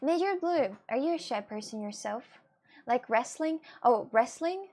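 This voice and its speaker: A woman's voice: a little high, lively intonation, normal speed, a little mellow. A woman with a chatting casually to her viewers, rambling and restarting with many fillers. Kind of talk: casual chat.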